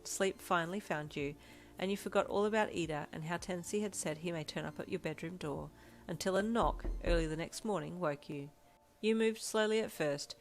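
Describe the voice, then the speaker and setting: Woman reading fan fiction, low voice. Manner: steady measured storytelling. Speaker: fanfiction reader. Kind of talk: audiobook reading of second-person fan fiction.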